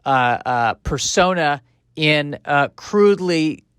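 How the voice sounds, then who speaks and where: A man's voice: on the high side, lively intonation, slow, fairly bright tone, smooth, dry recording, studio quality. A man hosting a solo comedy podcast, rambling through tangents with lots of fillers. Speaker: podcast host.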